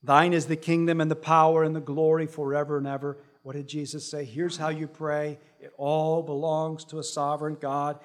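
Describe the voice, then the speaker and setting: A man preaching a sermon in a somewhat high voice. He sinks into quiet, hushed stretches, then climbs back up to loud, ringing emphasis. He stacks repeated phrases to build each point. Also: little pitch movement, moderate pace, few pauses. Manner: swings from hushed, low intensity to loud, rising emphasis. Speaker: pastor.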